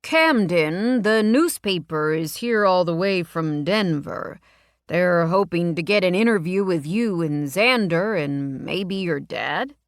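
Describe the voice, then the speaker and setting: A woman's voice: lowish voice, animated, slow, dry recording, clean studio sound. A woman voicing a cautious, hesitant man in an audiobook. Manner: hesitant, tentative.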